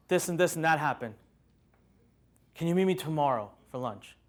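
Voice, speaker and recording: A man's voice: a little high, animated, moderate pace, lightly acted. A man acting out a flaky male friend who apologizes over and over, gushing and repetitive. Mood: apologetic.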